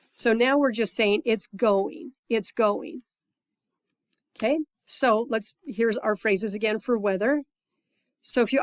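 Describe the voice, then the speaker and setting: A woman teaching a recorded language lesson, patient, checking in with "okay" often and reading example phrases slowly. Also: mid-range voice, no room sound. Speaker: Spanish teacher.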